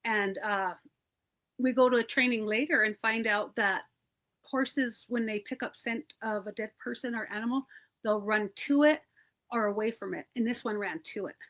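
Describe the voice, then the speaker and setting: A woman from a search and rescue team tells her personal story in an interview over a video call, speaking plainly and rambling with many fillers. Her voice is fairly high and a bit bright, at normal speed.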